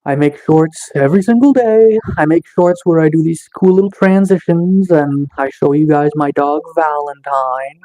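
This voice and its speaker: A man talking to his livestream chat in a slow, relaxed, chill way, full of ums and uhs. His voice sits a little high for a man, and he is getting over a cold. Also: low-quality recording. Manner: slow, laid-back, chill delivery with many fillers. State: recovering from a cold.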